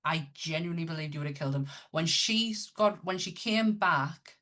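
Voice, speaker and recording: Her voice sits low, sounding pushed and bright at a normal speed. She's a Northern English podcast co-host in casual conversation, enthusing about films with many restarts.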